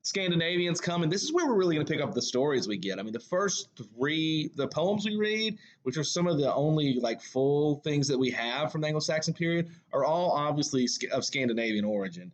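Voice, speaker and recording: A man's voice: fairly high pitch, sing-song, fairly quick, few pauses. A male English teacher with a Southern US accent giving a recorded lecture. He talks in a conversational way, full of fillers and self-corrections. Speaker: high school English teacher.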